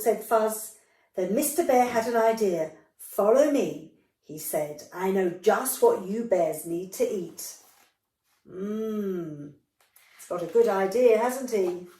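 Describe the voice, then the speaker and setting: A woman's voice: mid-range voice, lively intonation, measured pace, mellow. A woman reading a picture book aloud to young children, giving the characters livelier voices and adding chatty asides. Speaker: storyteller. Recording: echoey room, voice from a distance.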